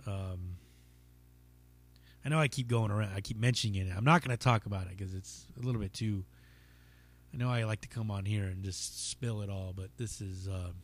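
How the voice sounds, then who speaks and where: Over slight background noise, a low-voiced man hosting his own podcast rambles through a stand-up story. As a stand-up comic, he keeps it casual, profane, and full of fillers.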